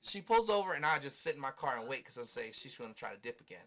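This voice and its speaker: A man telling a story with friends on a podcast, swearing a lot and acting out quotes in a higher voice. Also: very animated, fast, bright, forceful tone. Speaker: podcast guest.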